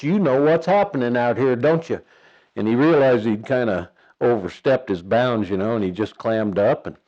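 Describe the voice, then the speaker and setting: A man's voice: on the low side, darkish tone, lo-fi sound. A man who works on a buffalo ranch, telling his own story in a plain-spoken, folksy way and chuckling as he goes.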